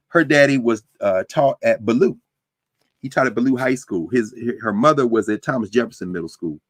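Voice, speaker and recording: A man lecturing to a university class, talking in a lively, conversational way with frequent asides to his students. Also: medium pitch, dry recording. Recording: dry close sound.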